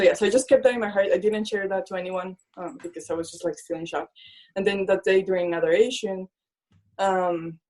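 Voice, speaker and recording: A young woman, an illustrator appearing as a guest, shares her personal faith testimony in conversation. She speaks earnestly in a warm, fairly low voice, says "like" constantly, and acts out her past thoughts as quoted lines.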